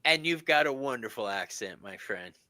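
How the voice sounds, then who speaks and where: A man hosting a casual tarot reading chat, chatty and quick to laugh. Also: medium pitch, lively intonation, sharp tone, no room sound. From United States. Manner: chatty and giggly, laughs often. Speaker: tarot reader host.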